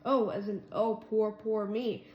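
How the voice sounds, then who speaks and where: A woman's voice: medium pitch, fairly even intonation, a little slow, reverberant, muffled recording, natural voice. A woman voicing a shy, polite male mouse who stammers when nervous. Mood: flustered. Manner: stammering, anxious.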